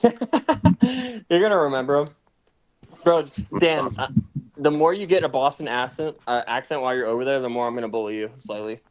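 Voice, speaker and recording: A man's voice: mid-range voice, normal speed. A young man hosting a casual stream chat, joking with slang and laughing often. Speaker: streamer host.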